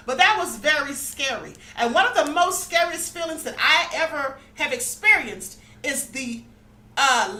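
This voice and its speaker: A woman's voice: sits high, bright, forceful tone. A woman hosting a spirituality channel, earnestly telling her own story to viewers and often checking in with them. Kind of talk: personal spiritual testimony to viewers. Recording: echoey room.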